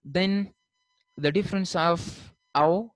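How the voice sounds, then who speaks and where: A man's voice: high voice, no echo, faint music behind. Man lecturing on linguistics. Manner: punctuates points with a repeated "fine", slows down to spell out example words. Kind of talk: recorded classroom lecture.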